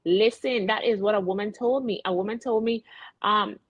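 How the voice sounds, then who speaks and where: Animated Virgin Islands woman host. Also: mid-range voice, moderate pace, husky, no room sound, lo-fi sound. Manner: animated storytelling, acting out exasperated reactions. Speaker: radio show host. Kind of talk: casual chat.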